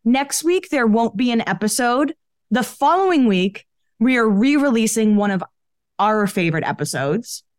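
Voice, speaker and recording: Chatty woman podcast co-host, high voice. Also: animated, normal speed, dry recording, clean studio sound. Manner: chatty, gossipy, frequent "like" fillers. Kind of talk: casual pop-culture chat.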